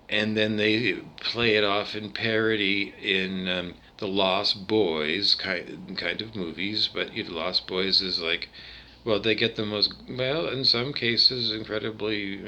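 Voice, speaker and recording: Man, lowish voice, slow and meandering solo vlog delivery, keeps drifting between tangents. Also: pushed and bright, slight background noise. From Canada. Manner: rambling, digressive, restarts and tangents. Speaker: vlogger. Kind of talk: unscripted monologue to camera.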